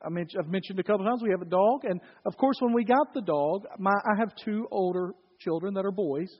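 A high-pitched man preaching a lively sermon in a large church hall. His voice carries a long echo, and the recording is dull and muffled. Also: fairly quick, breathy edge. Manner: storytelling with acted quotes and sudden loud bursts. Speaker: pastor.

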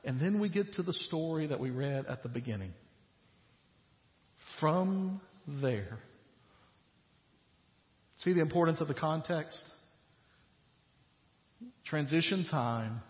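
A pastor preaches a sermon in a slightly high voice, retelling scripture in plain, conversational paraphrase and pressing his points with growing emphasis. His voice rings with a long reverb, as if it fills a large hall. The recording is dull and lo-fi. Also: animated, slow pace, pauses often.

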